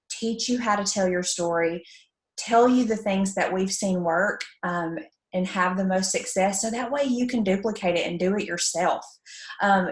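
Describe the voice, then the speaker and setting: A chatty woman from Alabama with a Southern accent, giving a casual, upbeat training talk with plenty of fillers. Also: medium pitch. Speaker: network marketing presenter. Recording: echoey room.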